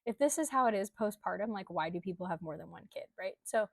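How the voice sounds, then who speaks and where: A young adult woman, a coach, tells her own story in a relaxed, candid vlog, talking fast with lots of ums and likes. Her middle-pitched voice is creaky, and the recording is dry and close with no room echo.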